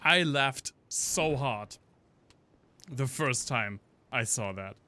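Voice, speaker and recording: A man's voice: mid-range voice, animated, drawn-out words, pushed and bright. A man casually commenting on a game stream, joking and chatting with his viewers while he plays. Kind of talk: casual gameplay commentary to chat.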